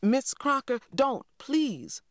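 A woman's voice: on the high side, animated, measured pace, no echo, clean studio sound, pitched above the performer's own voice. A woman voicing an upset young schoolgirl who pleads urgently with her teacher, as in an audiobook. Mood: urgent pleading. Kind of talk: audiobook character voice.

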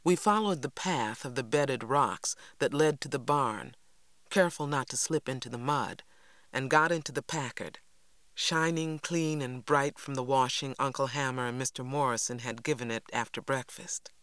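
A man reading a first-person story aloud with steady, expressive narration. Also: medium pitch, moderate pace, dry recording. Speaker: audiobook narrator.

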